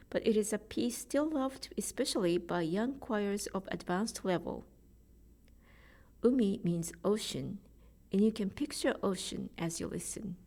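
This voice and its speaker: Japanese-accented woman presenter, mid-pitched, measured and careful delivery. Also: warm tone. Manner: careful, measured explanations with spoken pronunciation examples. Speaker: choral music presenter. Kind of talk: prepared presentation.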